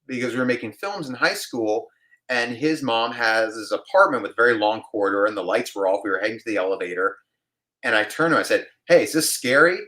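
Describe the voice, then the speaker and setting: A man from New York, an actor, telling an animated story in a casual interview and acting out the people in it. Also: lowish voice, fast. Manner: animated storyteller, acts out other people's voices.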